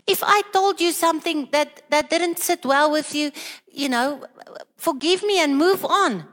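Woman preacher, high voice, earnest rhetorical questions, sermon, long hall reverb. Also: unhurried, a bit bright.

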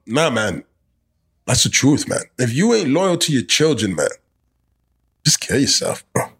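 Out in the cold, a young podcast host with a medium-pitched, slightly rough voice chats casually. He talks loosely, using slang and profanity, and now and then launches into animated rants.

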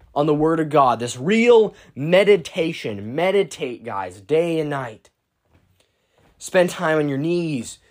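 A teenage preacher giving an informal sermon, earnest and halting, with frequent restarts and bursts of excited emphasis. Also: medium pitch. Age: teens.

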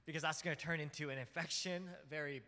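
A man preaching a sermon as pastor, telling family stories with lively acted-out scenes. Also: on the high side, fast, long reverb tail. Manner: animated storytelling, acts out scenes.

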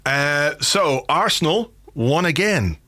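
A man's voice: fairly high pitch, lively intonation, slow pace, bright, forceful tone, dry recording. A man hosting a podcast, chatting casually and telling jokey stories. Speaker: podcast host. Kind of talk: casual chat.

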